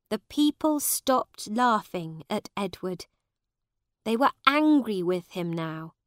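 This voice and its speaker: A woman narrating a storybook in a careful, deliberate way. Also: on the low side, animated, dry recording, clean studio sound. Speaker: audiobook narrator. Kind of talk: slow storybook narration for learners.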